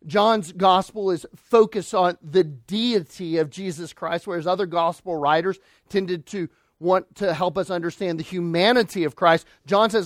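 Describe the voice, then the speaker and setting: Emphatic high-voiced male preacher. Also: moderate pace, hardly any pauses, no echo, studio quality. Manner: emphatic preaching, swinging between loud declarations and quiet lines. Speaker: pastor. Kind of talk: sermon.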